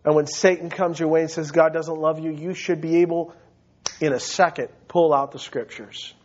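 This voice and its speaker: A male pastor preaching a sermon emphatically, rising to loud high peaks and dropping low and quiet. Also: steady tone, moderate pace, lo-fi sound.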